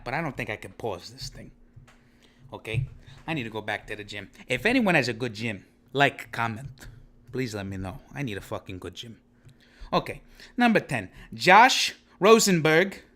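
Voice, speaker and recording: Brash, bright-voiced wise-guy podcast man. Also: fairly high pitch. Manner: brash rambling wise-guy banter, keeps tagging "okay?". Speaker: podcast host. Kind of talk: comedic sports podcast monologue.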